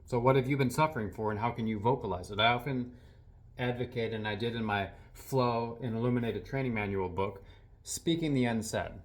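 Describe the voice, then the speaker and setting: A man who works as a healing practitioner, speaking earnestly in a soft reflective monologue with frequent pauses and restarts. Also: mid-range voice. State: a little teary.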